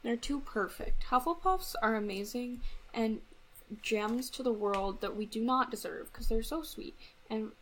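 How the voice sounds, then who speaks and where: A young woman co-hosting a podcast in casual chat, bubbly and teasing and quick to laugh. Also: a little high, a bit bright, a little hiss or hum. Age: young adult. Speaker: podcast co-host.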